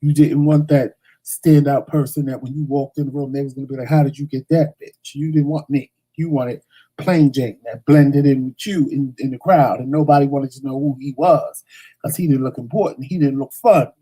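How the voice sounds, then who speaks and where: A morning talk show host, a man, delivers a casual monologue that's blunt and animated, full of slang and stuttered restarts. His medium-pitched voice has a breathy edge, and the recording is low quality.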